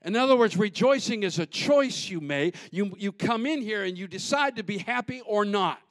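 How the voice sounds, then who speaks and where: Pastor, male, high tenor, dry close sound, preaches in surges, shouts the peaks, mutters the asides. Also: animated, normal speed, dry recording. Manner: builds to shouting peaks, drops to low asides; folksy, repetitive, call-and-response. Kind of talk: sermon.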